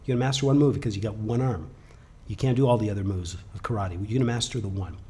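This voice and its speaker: A man voicing a calm, wise older karate master in a low, hushed, reassuring tone within a told story. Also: quick pace, close to an everyday voice.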